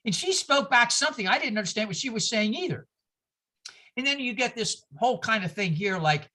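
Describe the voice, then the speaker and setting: An older man from New York teaching a class on a video call, animated and digressive, with anecdotes and asides. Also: very high voice, fast.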